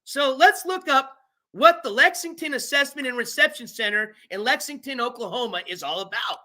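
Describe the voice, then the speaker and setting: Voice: sits high, expressive, moderate pace, sharp tone. A livestream host reading court papers aloud in a casual, chatty way, stopping to explain the legal wording and thanking channel members by name.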